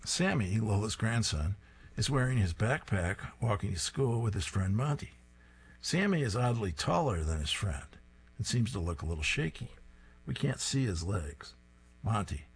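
A man's voice: on the low side, animated, normal speed, slightly rough. A man hosting a radio reading service, reading comic strips aloud and chuckling after each punchline.

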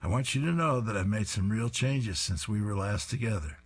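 A man voicing an embarrassed, awkward man who talks hesitantly, in a husky voice. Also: fairly low pitch, brisk. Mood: sheepish.

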